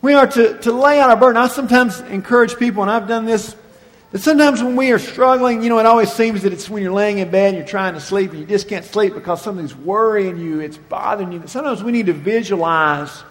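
A man with a high voice preaches earnestly, slowing down to stress key words. His sermon rings through a large church hall with a long reverb. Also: fairly bright tone. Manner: earnest preaching, slows for emphasis. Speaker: pastor.

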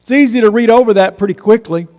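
A man preaching a sermon, slow and deliberate, letting key words fall quiet for weight. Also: high-pitched. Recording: long hall reverb.

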